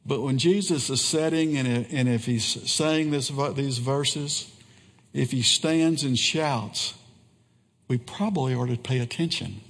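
A man preaching a sermon in a slow, earnest way, pausing often and repeating key phrases. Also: mid-range voice, fairly bright tone, in a large hall.

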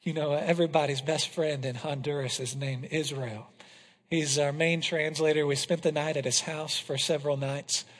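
A male pastor preaching a passionate sermon to his congregation, swinging from loud declarations to hushed, intense moments. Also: a little high, steady tone, moderate pace. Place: church hall. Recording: reverberant hall.

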